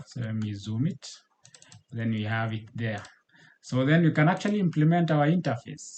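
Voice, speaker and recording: A man giving a screen-recorded coding walkthrough as a programming tutor, often repeating words and pausing with fillers as he types. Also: medium pitch, slight background noise. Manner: halting, repeats words while typing, frequent fillers.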